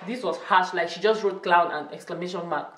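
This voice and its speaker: A woman's voice: on the low side, brisk, fairly bright tone, distant mic, a little hiss or hum. Chatty young woman vlogging in echoey room. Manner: chatty, laughs often, teasing. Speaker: YouTuber. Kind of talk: casual vlog chat.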